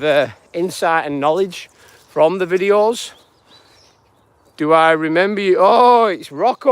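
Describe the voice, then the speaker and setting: A man from northwest England walks through outdoor fields on a live stream, greeting viewers and musing about life in a rambling, casual way. His voice is a little high, clear and resonant, with no room sound.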